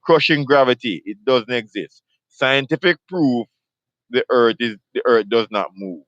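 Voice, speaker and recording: A man's voice: medium pitch, measured pace, fairly bright tone, no echo. Man, preaching monologue, emphatic and repetitive, dull lo-fi audio, dry close sound. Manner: emphatic, repetitive, fires rhetorical questions. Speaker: host of a live video ministry.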